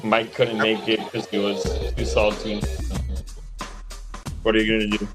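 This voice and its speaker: A man's voice: on the low side, completely flat delivery, measured pace, music in the background, poor audio. A man co-hosting a sports betting show, tossing in dry teasing one-liners. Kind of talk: casual sports betting chat.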